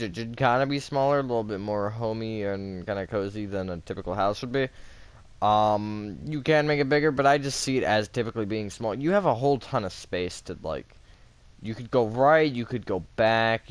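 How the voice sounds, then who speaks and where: A man's voice: on the low side, smooth, no echo. A man hosting a casual game building tutorial, chatty and self-mocking, with lots of fillers, recorded at home on a close desk mic.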